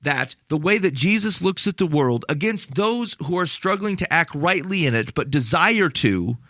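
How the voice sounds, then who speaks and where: A man co-hosting a casual faith podcast, telling stories in an animated, exasperated way with lots of restarts. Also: fairly high pitch, normal speed, dry recording. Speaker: podcast co-host.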